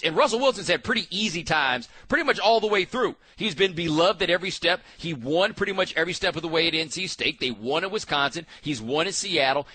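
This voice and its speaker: A man hosting a sports talk show, riffing in a casual, animated way with frequent restarts. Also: sits high, slightly rough, no room sound.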